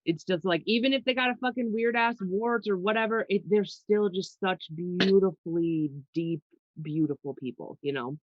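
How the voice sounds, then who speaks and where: A woman's voice: medium pitch, moderate pace, dry recording, highs cut off. A young woman co-hosting a podcast, chatting casually about astrology, laid-back, swearing and laughing freely. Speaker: podcast co-host.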